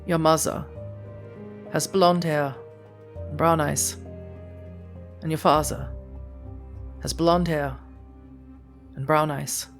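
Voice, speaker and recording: A woman's voice: sits low, steady tone, slow pace, pauses often, soft background music. A woman doing a stern werewolf mother. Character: stern, blunt werewolf mother in a frontier cabin.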